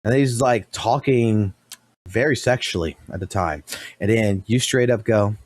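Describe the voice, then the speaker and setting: A man streaming live commentary, blunt and profane, talking fast and animated. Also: on the low side, dry recording.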